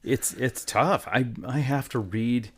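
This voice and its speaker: A man's voice: mid-range voice, slow, slightly rough. A man in his fifties, a voice actor and teacher, chatting as a podcast guest and chiming in with short agreements. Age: 50s. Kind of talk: casual chat.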